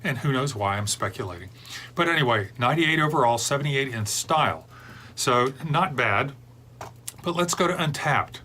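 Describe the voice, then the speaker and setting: A man's voice: mid-range voice, animated, moderate pace, bright, forceful tone, a little hiss or hum. Digressive middle-aged man hosting a beer show. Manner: digressive, chatty storyteller. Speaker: beer reviewer, show host. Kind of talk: rambling casual chat.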